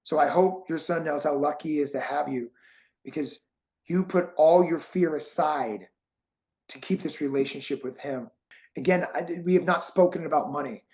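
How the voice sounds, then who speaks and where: A man's voice: a little high, normal speed, darkish tone. A man hosting an interview, talking in a heartfelt, encouraging way and getting emotional. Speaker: host and course creator.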